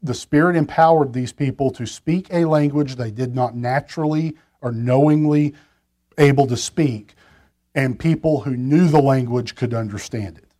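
Male pastor, mid-pitched voice, casual and chatty sermon delivery with asides. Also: normal speed, warm tone. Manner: conversational preaching with frequent restarts and asides.

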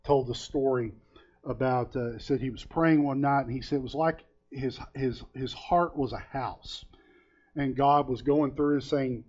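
A man delivers a relaxed, conversational sermon and drifts easily into homespun stories, pausing often to find his words. His voice sits at an ordinary middle pitch. The recording sounds dull and lo-fi. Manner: folksy storytelling with frequent hesitations. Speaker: preacher.

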